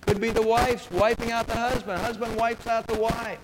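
A man's voice: extremely high pitch, little pitch movement, moderate pace. A male pastor preaching a sermon to his congregation, asking rhetorical questions and answering them himself. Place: church sanctuary. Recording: hall reverb with clear background noise.

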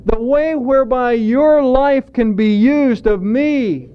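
A man preaching a sermon in a deliberate way, drawing out emphatic words. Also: extremely high pitch, clear, resonant tone, dull audio. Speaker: pastor.

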